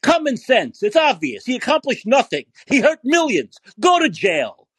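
Angry ranting man, husky voice. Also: very high-pitched, wildly swooping pitch, moderate pace, no room sound. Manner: yelling, profane, repeats rhetorical questions. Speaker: podcast host. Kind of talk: angry political rant.

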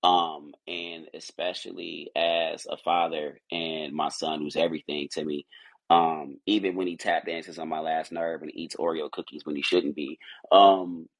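A man's voice: very deep voice, flat delivery, measured pace, poor audio. A man who heads a company, speaking as a podcast guest, earnest and motivational, rambling with many restarts. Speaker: CEO guest. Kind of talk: podcast interview, motivational talk.

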